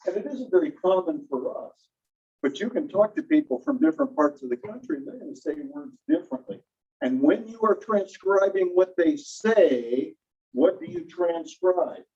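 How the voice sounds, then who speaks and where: A male teacher gives a classroom lecture in a slightly high, mellow voice with a husky edge. He explains step by step and keeps turning questions to the class. The recording sounds dull and lo-fi.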